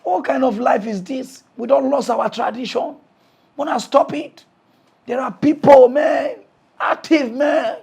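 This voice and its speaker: A man with a Nigerian Pidgin accent, hosting a mock news comedy show as an animated, laughing ranter who swings between shouting and muttering. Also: very high voice, measured pace, gravelly, husky. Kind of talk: comic pidgin rant.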